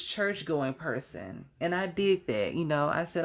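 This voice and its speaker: A woman's voice: on the low side, very animated, unhurried, few pauses. A young adult woman telling stories from her college years in a casual, chatty way, now and then laughing at her own story. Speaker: vlogger.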